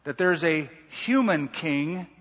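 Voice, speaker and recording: A man preaching a sermon, reading scripture and breaking off into lively, conversational asides. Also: fairly high pitch, takes it slowly. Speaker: pastor. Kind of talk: expository sermon. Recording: dull lo-fi sound with long hall reverb.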